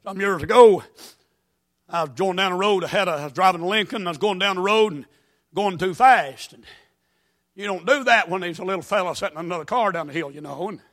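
A man from North Carolina with a Southern accent, preaching a sermon in a folksy storytelling way that breaks into shouting. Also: high-pitched, fast.

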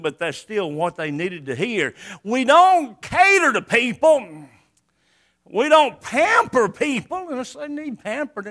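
An older man preaches a sermon in a high, very lively voice. He swings between booming declarations and quiet, hushed asides, and he drops in folksy jokes along the way. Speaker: pastor.

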